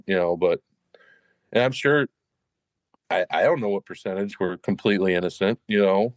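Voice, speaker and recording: Low-voiced veteran man, rambling. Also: normal speed, long pauses, dry recording. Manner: rambling, full of "you know" fillers. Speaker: military veteran guest. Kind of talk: casual podcast conversation.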